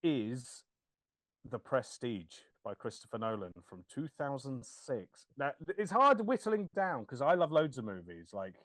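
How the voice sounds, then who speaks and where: Podcast co-host, thirties, male, lively and jokey, swears freely, acts out quotes, dry mic. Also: medium pitch, measured pace, no echo. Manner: animated, laughing, swears, acts out quoted lines. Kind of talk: casual chat.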